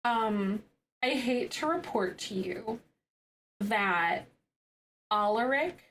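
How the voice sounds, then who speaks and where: A woman streaming live, chatting casually with lots of fillers and bursts of excitement. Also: on the high side, takes it slowly, a little hiss or hum.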